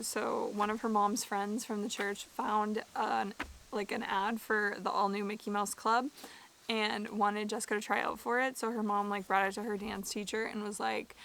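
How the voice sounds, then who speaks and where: A young woman from Canada chatting casually about a book she is reading, excitable and full of "like" fillers. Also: medium pitch, vocal fry, rough recording. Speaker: book vlogger.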